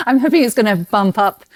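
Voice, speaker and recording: A British woman with a slight Australian twang, telling stories and recommending books as a podcast guest. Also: medium pitch. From Britain. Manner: animated storytelling, quick to laugh. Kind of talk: book recommendation chat.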